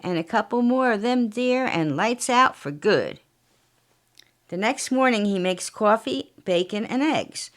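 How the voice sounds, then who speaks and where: A woman reading her own mystery story aloud as author and podcast narrator, unhurried and plain. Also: mid-range voice, lively intonation, fairly bright tone.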